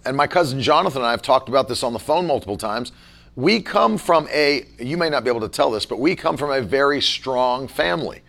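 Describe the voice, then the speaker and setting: A man leading a casual Bible-study chat as pastor, talking forcefully and emphatically. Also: mid-range voice.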